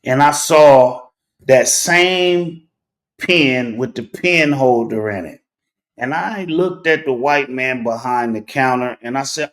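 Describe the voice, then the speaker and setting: Slow, deliberate storytelling man. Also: medium pitch. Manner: deliberate, with pauses and rhetorical "right?". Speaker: host. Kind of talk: personal storytelling monologue.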